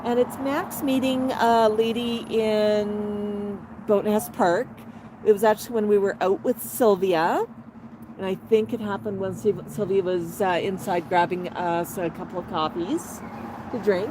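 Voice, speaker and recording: A woman's voice: mid-range voice, measured pace, background noise. A woman hosting a casual outdoor livestream, chatting to viewers and reading out their comments. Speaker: livestream host.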